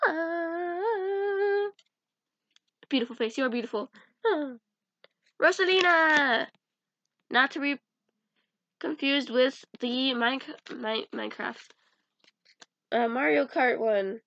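Young woman rambling slow and giggly, dry dull mic. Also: on the high side, fairly bright tone, dry recording. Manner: chatty, giggly, mumbles names to herself. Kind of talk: casual vlog, sorting through cards. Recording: dull lo-fi sound.

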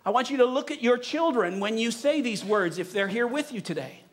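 A male pastor preaching a sermon in a church, leading his congregation through a recited passage with urgent, drawn-out emphasis. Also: very high-pitched, animated. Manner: leads the congregation in a call-and-response recitation; emphatic, urging, drawn-out phrasing. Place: church sanctuary.

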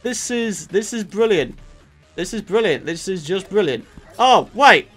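A man's voice: sits high, expressive, measured pace, a bit bright, faint music behind. A man giving Let's Play commentary, exasperated and exclamatory, swinging from mutters to outbursts. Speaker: gaming YouTuber.

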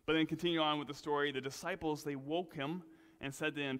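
A male pastor preaching a sermon in a relaxed, conversational way, with self-deprecating asides. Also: on the high side, fairly quick, smooth, in a large hall. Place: church sanctuary.

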